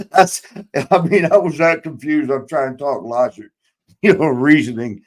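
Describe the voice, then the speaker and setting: His voice mid-range and his pace moderate, a sixty-something ex-wrestler who hosts a podcast rambles through road stories casually. He's profane, laughs frequently and acts out what people said.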